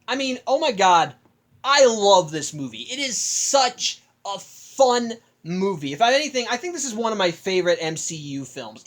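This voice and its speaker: Woman gushing about a movie, rambly, lots of restarts, casual review. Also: medium pitch. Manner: rambling, enthusiastic, many restarts. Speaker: film reviewer. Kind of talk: casual film review monologue.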